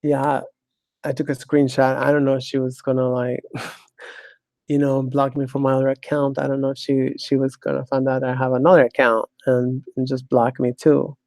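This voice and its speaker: A woman's voice: a bass voice, flat delivery, normal speed, a little mellow, no echo. A woman hosting her own talk show, delivering a blunt, sardonic monologue, cursing freely and laughing often. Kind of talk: casual monologue.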